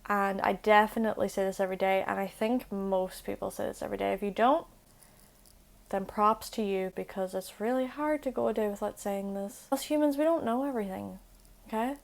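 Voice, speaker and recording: A woman's voice: mid-range voice, fairly quick, creaky. Chatty young woman teaching phrases. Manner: chatty, self-deprecating asides. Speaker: language video host. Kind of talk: casual language lesson.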